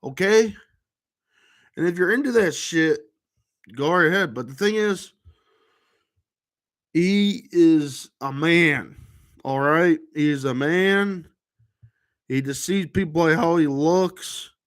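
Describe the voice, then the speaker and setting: A man's voice: a little high, takes it slowly, long pauses, fairly bright tone. A man vlogger talking in a rambling monologue to camera, full of restarts and trailing fillers.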